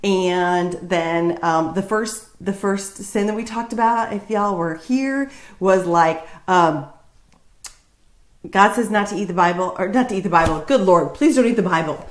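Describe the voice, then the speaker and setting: A woman's voice: medium pitch, unhurried. A woman vlogging casually to camera about her Bible reading, chatty and jokey, with plenty of fillers. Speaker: vlogger sharing Bible reflections. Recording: roomy echo.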